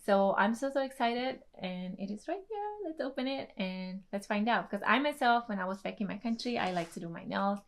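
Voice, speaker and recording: Excited young woman unboxing. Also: mid-range voice, brisk, few pauses. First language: Tetum. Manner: excited, gushing, lots of laughs. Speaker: beauty vlogger. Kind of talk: casual unboxing vlog.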